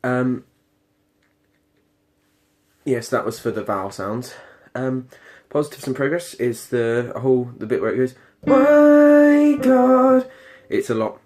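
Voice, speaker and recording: Speaking a little slowly and pausing often, a late-teen British performing arts student muses about his singing practice for a video diary. His mid-range voice is steady and darkish, and he wanders, hesitates, says um a lot, and restarts.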